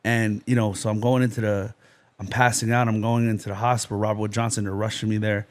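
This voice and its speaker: In a podcast interview, a New Jersey man tells his life story as personal testimony, intense and rambling, leaning on "you know" and "like." He talks fast in a fairly low voice that barely moves in pitch.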